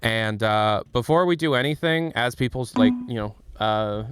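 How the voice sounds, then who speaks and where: A man's voice: mid-range voice, normal speed, a bit bright, clean tone. A man talking casually on a live stream, rambling with many fillers and restarts.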